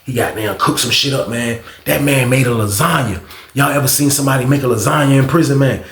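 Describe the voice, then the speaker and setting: A man telling a story in a loose, profane, animated way, filling it with repeated exclamations. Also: medium pitch, fast, crowd noise. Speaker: storytime host. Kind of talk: casual storytelling. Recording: roomy echo.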